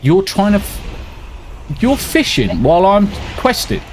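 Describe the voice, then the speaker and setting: A man's voice: high voice, huge pitch swings, slow pace, a little hiss or hum. A man chatting casually and swearing a lot while he streams a game and reads out viewer messages. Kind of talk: casual gameplay chat.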